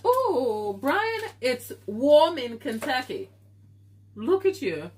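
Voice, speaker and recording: A chatty woman baker hosting a live stream from her home kitchen, with a stuffy nose. Her pitch swings widely as she chats, and she laughs easily. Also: sing-song, slow, a little hiss or hum. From Africa. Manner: chatty, laughs often, reads out viewer comments. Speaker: baking channel host on a live stream. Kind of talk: casual live-stream chat with viewers.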